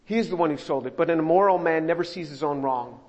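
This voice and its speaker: A male pastor giving a sermon, expressive and acting out the scripture he reads. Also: a little high, fast talker, highs cut off. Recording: long hall reverb.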